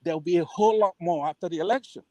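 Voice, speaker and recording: A man's voice: a little high, very fast, dark tone, no echo. A man taking part in an online discussion, speaking in an insistent, demanding way. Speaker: participant in a discussion. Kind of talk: heated casual talk.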